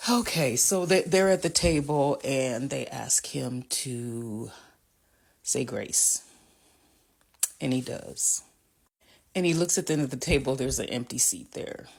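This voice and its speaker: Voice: mid-range voice, vocal fry, slightly rough. A casual vlogger walks through a TV episode scene by scene, stopping for fillers and self-corrections. The voice sits in a middle register, and the speaker reacts openly to the scenes as they retell them. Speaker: TV recap vlogger.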